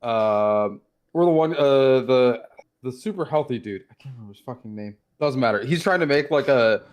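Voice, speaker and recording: A man's voice: mid-range voice, lively intonation, normal speed. Rambling male podcast co-host. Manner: rambling, loose, trails off. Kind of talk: casual chat.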